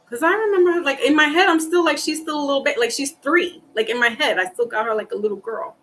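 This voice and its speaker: Woman on her livestream just talking to chat, kinda high voice, plays out convos in voices. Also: fast, hardly any pauses, a little hiss or hum. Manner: talks through grief, quoting herself and a friend in animated voices. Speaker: tarot reader on a livestream. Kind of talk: casual chat with live viewers.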